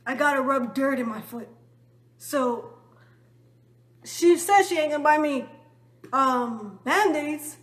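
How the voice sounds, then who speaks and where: High-voiced woman telling a rambling story. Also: slow, pauses often. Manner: rambling, full of tag questions to viewers. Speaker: vlogger. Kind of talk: casual personal storytelling.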